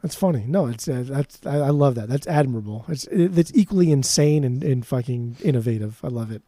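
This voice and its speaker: A man's voice: mid-range voice, animated, brisk, mellow, no room sound. A man co-hosting a podcast, chatting casually and enthusiastically about music, rambling and swearing freely. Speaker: podcast co-host.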